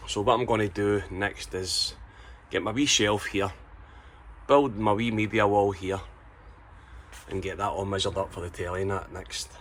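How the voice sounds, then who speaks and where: A man's voice: on the low side, steady tone, moderate pace, pauses often, a bit bright, a little hiss or hum, poor audio. A Scottish man chatting casually as he explains his work inside a van he is converting. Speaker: vlogger building a campervan. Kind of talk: casual walkthrough vlog.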